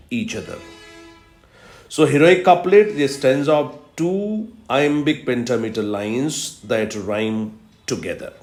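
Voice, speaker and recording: Male professor, unhurried lecture, repeats key terms, echoey room. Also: medium pitch. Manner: explains step by step, repeats key terms, frequent "uh" fillers. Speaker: professor of literature. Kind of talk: recorded video lecture. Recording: roomy echo.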